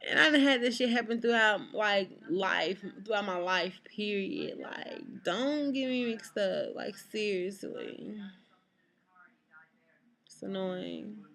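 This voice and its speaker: A woman's voice: medium pitch, slow, creaky, fairly bright tone. A young woman, ranting to camera in a casual vlog, blunt and exasperated, swearing freely. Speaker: vlogger.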